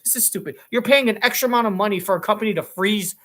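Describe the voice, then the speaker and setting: A man's voice: high voice, rapid-fire, a bit bright. A middle-aged talk show co-host in a sarcastic, exasperated comic rant, swearing as he goes.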